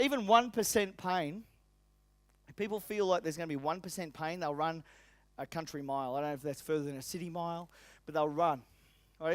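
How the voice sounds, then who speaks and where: A middle-aged male business coach works the room with energetic, emphatic talk, firing questions straight at the audience. His voice sits high for a man and comes through dry and close, with no room echo. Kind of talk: motivational seminar talk. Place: seminar venue.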